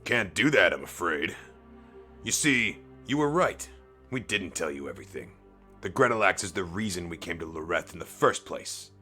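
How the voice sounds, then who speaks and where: A man reading the lines of a scheming male settler leader as a low, measured villain in a comic. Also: big pitch swings, bright, forceful tone, faint music behind, full character voice. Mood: menacing.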